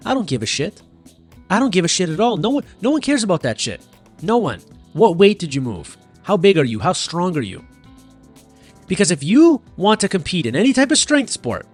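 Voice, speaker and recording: Blunt, profane man coach ranting. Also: fairly high pitch. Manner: blunt, profane, heaps up rhetorical questions. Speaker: strength coach and host. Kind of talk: solo rant to camera.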